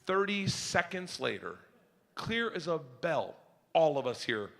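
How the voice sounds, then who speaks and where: Stand-up comic, male: high, animated, crude storytelling. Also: measured pace, vocal fry, a little hiss or hum. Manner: loud, animated, crude punchlines. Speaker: stand-up comedian. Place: stage before a live audience.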